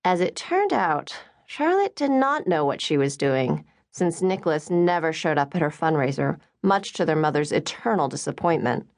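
Woman reading a novel aloud, lowish voice, very lively, dry close sound. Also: moderate pace, hardly any pauses, no room sound. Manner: expressive, varied reading. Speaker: audiobook narrator. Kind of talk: scripted audiobook narration.

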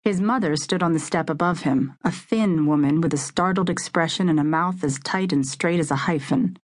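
Female audiobook narrator, lower voice, measured dramatic crime reading.

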